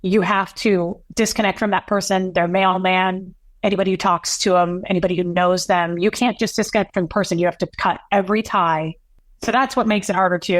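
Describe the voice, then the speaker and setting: A woman's voice: on the low side, dry recording. Earnest woman telling a painful story. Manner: earnest, halting, full of restarts and quoted dialogue. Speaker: podcast guest. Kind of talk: emotional personal storytelling.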